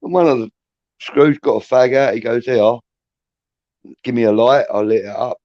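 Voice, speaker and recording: A man's voice: mid-range voice, moderate pace, no room sound. A man, casually telling cheeky anecdotes on a podcast and often saying "you know what I mean". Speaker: podcast co-host. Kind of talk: casual storytelling chat. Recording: dull lo-fi sound.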